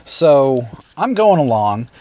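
A man's voice: mid-range voice, very animated, slow pace, darkish tone, slight background noise. A man telling a rambling, self-amused anecdote casually, with restarts and chuckles. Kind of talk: casual storytelling.

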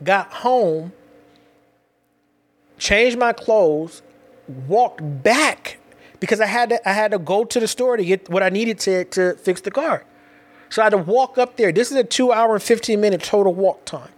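A man with children telling a personal story in casual, animated, slang-heavy talk, often restarting his sentences. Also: sits high, measured pace. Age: adult with children.

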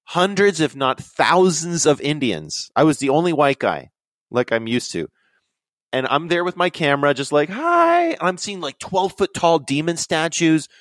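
A man telling stories in casual talk, rambling and animated, often dropping into quoted voices. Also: fairly high pitch, no echo. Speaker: podcast guest. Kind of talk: casual storytelling.

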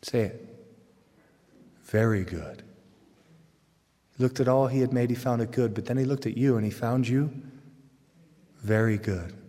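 A man giving a humorous faith talk to a live audience, animated and jokey, with loud excited bursts. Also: mid-range voice, unhurried, pauses often. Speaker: Catholic speaker. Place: large hall with audience. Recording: long hall reverb.

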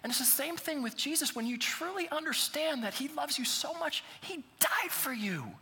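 A man's voice: very high-pitched, expressive, moderate pace, long reverb tail, background noise. A man preaching a sermon as pastor, earnest and building to emphatic appeals.

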